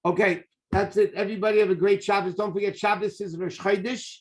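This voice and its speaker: Teaching Tanya to a Torah class, a high-voiced rabbi speaks briskly and with lively energy. Key phrases come back again and again, and his English is sprinkled with Hebrew and Yiddish words.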